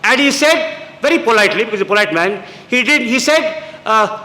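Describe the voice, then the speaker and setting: A man in his sixties from India tells anecdotes in a public lecture, breaking into quoted voices and restarting his phrases. His voice sits high and bright. The sound rings with the long echo of a lecture hall. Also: expressive, fairly quick, hardly any pauses. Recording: echoey hall.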